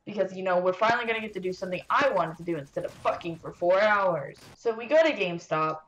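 A young woman telling a rambling, swear-heavy story while playing a video game, venting in an animated way. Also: fairly low pitch, quick pace, muffled recording. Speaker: gaming streamer. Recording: roomy echo, faint background noise.

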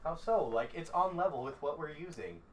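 A man's voice: fairly high pitch, animated, brisk, a little hiss or hum. A man talking casually while playing a video game, full of "like" fillers. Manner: filler-heavy, says "like" often. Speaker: let's play commentator. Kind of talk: casual gameplay chat, reading game dialogue aloud.

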